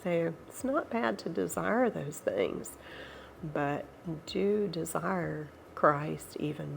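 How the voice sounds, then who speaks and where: Slow, gravelly-voiced Southern woman with a cold. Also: fairly low pitch, background noise. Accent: Southern American. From Georgia, USA. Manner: gentle, unhurried, devout. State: has a cold, nasal voice. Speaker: channel host. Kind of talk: casual tea-time Bible study chat.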